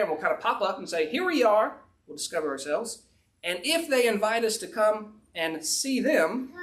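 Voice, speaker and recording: Brief: a preacher as a daring young prince, high voice, eager and scheming. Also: male voice, fairly bright tone. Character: bold, faithful young prince Jonathan.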